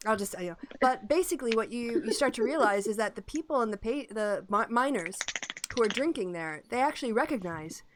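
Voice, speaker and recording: A woman narrating a tabletop game as its game master, voice sitting fairly high. She talks in a chatty way and laughs often. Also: animated, a little fast, noisy background.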